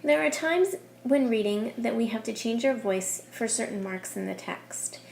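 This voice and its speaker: A woman's voice: a little high, normal speed, a little mellow, slight background noise. Patient woman teaching reading. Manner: clear, patient, encouraging, models reading aloud. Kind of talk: instructional coaching and voice-over.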